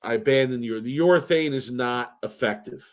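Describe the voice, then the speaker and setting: A man's voice: mid-range voice, fairly quick. A man co-hosting a bowling podcast in casual chat, with boastful, playful trash talk. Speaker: podcast co-host.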